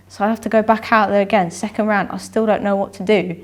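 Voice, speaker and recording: As an interview guest, a young amateur boxer candidly recounts her fights at a middle pitch, speaking fast with fairly even intonation and hardly pausing. She rambles, circles back, and repeats phrases, acting out her own inner voice and dialogue with the people around her.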